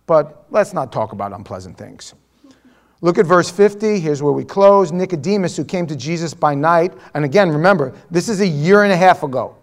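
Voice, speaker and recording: High-voiced, animated male preacher. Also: moderate pace. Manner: animated preaching, swinging from hushed asides to near-shouting mimicry. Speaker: pastor. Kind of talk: expository sermon.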